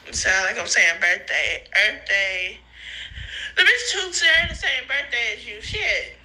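Young woman rambling into a phone memo, high pitched and really bright, giggly, teary and cussing, drawn-out slow talk. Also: poor audio. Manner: giggly, profane, slangy and disoriented, with sudden high laughing squeals. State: high and tearful. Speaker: podcaster sending voice notes. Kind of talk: rambling voice-note monologue.

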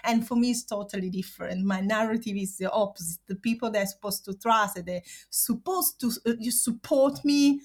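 Italian-accented woman guest, halting storyteller, middle pitch. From Italy. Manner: halting, searching for words in non-native phrasing. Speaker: podcast guest. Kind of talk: personal storytelling. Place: studio sat with hosts.

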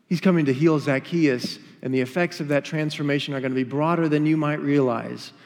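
A male pastor delivering an emphatic sermon in a church. His voice sits a little high for a man, and a long reverb trails after his words. He keeps asking rhetorical questions and sometimes acts out what people would say. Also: a little mellow.

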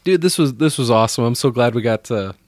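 A man's voice: mid-range voice, lively intonation, fast talker, no room sound. A man hosting a casual podcast chat, laughing often and swearing freely. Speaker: podcast host.

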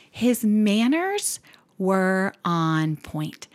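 A woman in her forties hosting a faith podcast, telling personal stories expressively with soft laughs. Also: mid-range voice, animated, moderate pace. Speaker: podcast host. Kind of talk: faith-based podcast talk.

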